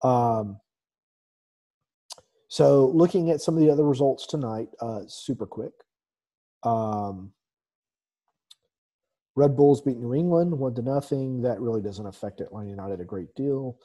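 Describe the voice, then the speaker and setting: A man's voice: mid-range voice, measured pace, pauses often, dark tone. A man hosting a casual soccer podcast, reading through the night's results with lots of ums and a dry, sarcastic edge. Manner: reads scores with many fillers, dry sarcasm. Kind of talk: casual sports talk.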